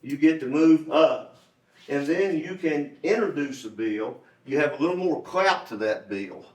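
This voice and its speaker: With an expressive, slightly mellow voice on the high side, this state delegate candidate speaks at a measured pace. His folksy, rambling club-meeting speech leans on repeated points, captured by a distant mic in an echoey meeting room.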